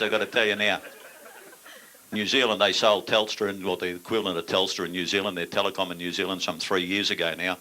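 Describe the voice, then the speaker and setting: A man's voice: low voice, flat delivery, fast, bright, forceful tone, poor audio. An older man with an Australian accent doing crude stand-up banter, blunt and swearing, jabbing "mate" into his lines. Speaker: stand-up performer on stage.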